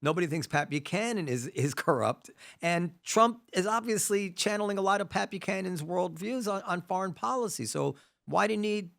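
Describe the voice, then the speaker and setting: Casting note: gravelly male host, a touch high, animated, talks through his thoughts with many restarts. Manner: animated, thinks aloud with restarts. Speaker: podcast host. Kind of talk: casual conversational interview. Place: New York.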